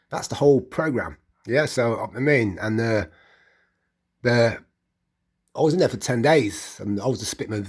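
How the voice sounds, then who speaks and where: A middle-aged man with a West Midlands accent tells his story casually. He rambles, repeats himself and restarts words. His voice is husky, at an ordinary pitch. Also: darkish tone. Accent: West Midlands English. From England. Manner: rambling, repetitive, with stammered restarts. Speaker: vlogger. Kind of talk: casual personal account.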